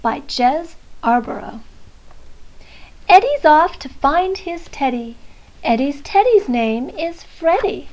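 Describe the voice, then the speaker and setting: A woman reading a rhyming children's picture book aloud in a gentle, rhythmic way. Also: high-pitched, animated, slow pace. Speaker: narrator. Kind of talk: storybook read-aloud. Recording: dull lo-fi recording.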